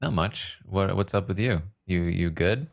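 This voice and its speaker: A man's voice: deep voice, a little slow, gravelly. A man playing in an online game who teases the others and laughs between words. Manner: teasing, laughs while talking. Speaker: game player. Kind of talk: casual voice chat.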